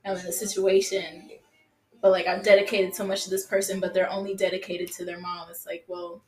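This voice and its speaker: A woman's voice: on the low side, little pitch movement, brisk, a little mellow. Woman guest on a podcast, lots of like and you know, echoey room. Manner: rambling with many fillers. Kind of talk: casual chat.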